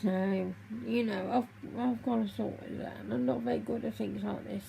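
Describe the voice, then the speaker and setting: A woman vlogging to camera, tearful and halting as she speaks openly about her feelings. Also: fairly high pitch, steady tone, creaky, dark tone, slight background noise, rough recording. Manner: halting, emotional, confessional. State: tearful, crying. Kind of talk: personal vlog talking to camera.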